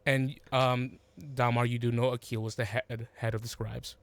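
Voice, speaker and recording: A man's voice: mid-range voice, flat delivery, normal speed. A man narrating a tabletop game as game master, hesitant, with lots of ums and restarts.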